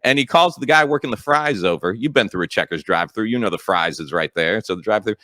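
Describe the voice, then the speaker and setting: A man's voice: on the low side, fast talker, no echo, clean studio sound. A man hosting a comedy radio show, telling stories with acted-out quotes in casual banter. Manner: animated storyteller, acts out quotes.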